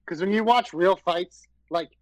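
A man's voice: high-pitched, unhurried, dry recording, rough recording. A man co-hosting a wrestling podcast, chatting casually, teasing and swearing now and then. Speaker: podcast co-host.

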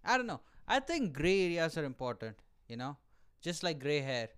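Animated, profane podcast host. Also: male voice, a little high, normal speed, clear, resonant tone. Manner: animated and profane, with self-mocking jokes. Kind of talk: solo comedic podcast monologue. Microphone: camera mic.

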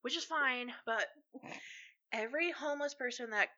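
A woman co-hosting a podcast, telling a family story in casual chat, animated and swearing freely as she acts out quotes. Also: sits high, moderate pace, dull audio. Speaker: podcast co-host.

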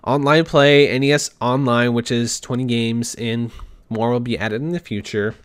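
A man's voice: mid-range voice, steady tone, normal speed, clean tone. A man casually recapping a game showcase on his own show, rambling, correcting himself and acting out fan reactions. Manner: rambling, self-interrupting, mock-acts fan reactions. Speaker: gaming podcast host. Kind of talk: casual solo commentary. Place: home desk.

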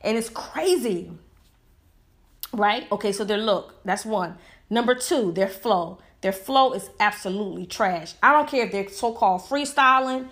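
A woman's voice: mid-range voice, expressive, measured pace, fairly bright tone. A woman giving a heated, emphatic opinion monologue full of rhetorical questions. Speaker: commentator.

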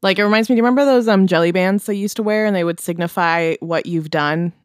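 A woman's voice: medium pitch, no echo, studio quality. A young woman co-hosting a podcast, chatting in a wry, easygoing way. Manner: chatty, wry, quick agreement. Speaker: podcast co-host. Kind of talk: casual chat.

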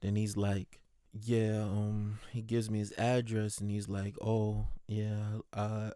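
A man's voice: fairly low pitch, completely flat delivery, slow pace, dark tone, clear, resonant tone, no echo, studio quality. A man who works as a postal clerk, casually telling stories from his workday, swearing freely and mimicking the people he describes.

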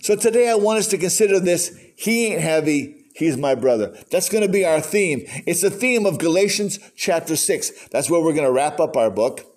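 A man's voice: high-pitched, expressive, brisk, few pauses, a little mellow. An older man preaching a sermon in a conversational storytelling way, acting out quotes. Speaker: pastor.

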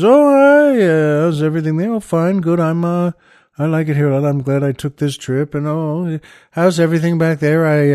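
A man's voice: a little high, darkish tone, clear, resonant tone. A man hosting a podcast, telling jokes in a rambling, chuckling way with many restarts and fillers. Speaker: podcast host. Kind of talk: casual joke telling.

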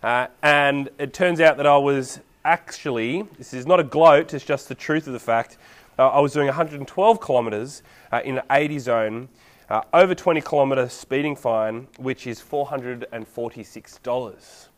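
A man preaching a sermon in a casual, animated storytelling way. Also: mid-range voice, moderate pace.

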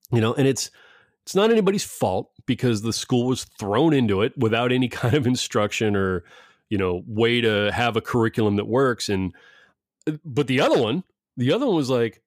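Rambling middle-aged dad, dry sound. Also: male voice, mid-range voice, lively intonation, a little fast, no echo. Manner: rambling with frequent restarts and laughs. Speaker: parent discussing schooling. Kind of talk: casual conversation.

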